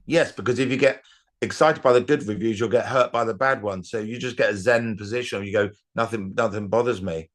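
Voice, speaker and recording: Talking fairly quickly in a mid-range voice, a middle-aged man who's a comedian guest rambles through anecdotes during a relaxed interview. He keeps starting over and performs the quotes he tells.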